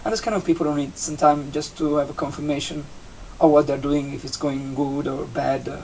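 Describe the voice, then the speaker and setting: A young adult vlogger from Italy with an Italian accent, a native Italian speaker chatting casually in English, rambling and halting with many restarts and fillers. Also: mid-range voice, steady tone, a little mellow. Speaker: vlogger, seasonal campsite entertainment worker. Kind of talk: casual vlog chat. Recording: distant mic with faint background noise.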